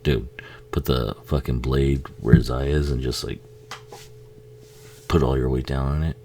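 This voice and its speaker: A man with a warm bass voice speaks a little slowly and flatly while watching a movie. As a film commentary host, he swears a lot, laughs often and talks back to the screen with jokes; slight background noise is audible.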